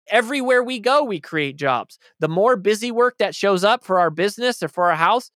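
A man's voice: high-pitched, lively intonation, fairly quick, few pauses, bright, forceful tone, no room sound, clean studio sound. A man speaking as an author being interviewed, talking in a passionate, emphatic way. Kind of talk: conversational interview answers.

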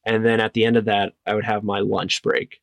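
A young man from northern Wisconsin, a cyclist, answering interview questions in a relaxed way with lots of "like". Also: on the low side, fairly quick, creaky, dry recording. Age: young adult. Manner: relaxed, many "like" fillers. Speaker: cyclist guest.

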